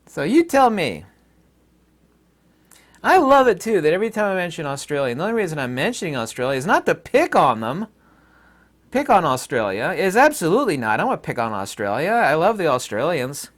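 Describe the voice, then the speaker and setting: A man's voice: on the high side, big pitch swings, a little fast. A man from the United States talking straight to his viewers in an emphatic, ranting monologue. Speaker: vlogger. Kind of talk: casual monologue to camera.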